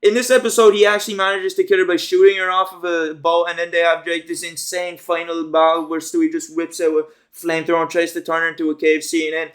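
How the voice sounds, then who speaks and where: A young man with a noticeably high voice talks through a cartoon recap off the cuff. He rambles and restarts, and he leans on slang and fillers. He sounds like an everyday commentator. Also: flat delivery, fast talker, hardly any pauses, fairly bright tone. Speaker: show commentator. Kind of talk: casual recap chat.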